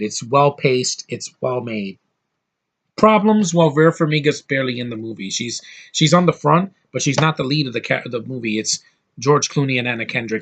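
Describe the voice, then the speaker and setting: A man from the United States giving a casual, opinionated movie review straight to camera, blunt and quick to swear. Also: medium pitch, fairly bright tone. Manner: blunt, opinionated, swears often, mocking voices.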